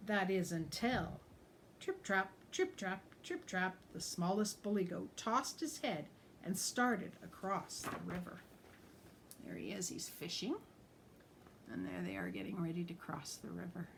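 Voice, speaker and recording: Lively woman reading a picture book. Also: on the low side, unhurried, creaky, a little hiss or hum. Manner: lively, animated and explaining pictures. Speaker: teacher reading aloud. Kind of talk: storybook read-aloud for children.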